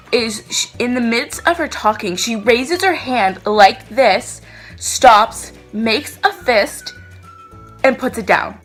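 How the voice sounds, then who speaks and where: A young woman in her twenties telling a dramatic storytime vlog in an animated way. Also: medium pitch. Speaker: vlogger.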